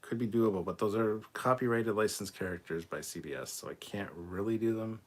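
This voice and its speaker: A man's voice: on the low side, brisk. A man hosting a casual livestream, reading out viewer comments and answering in a laid-back, blunt way with casual swearing. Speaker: host reading viewer chat.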